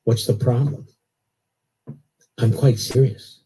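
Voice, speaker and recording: Man, talk radio host, sarcastic, indignant, mellow tone. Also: mid-range voice, steady tone, takes it slowly, breathy edge. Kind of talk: opinionated talk radio monologue.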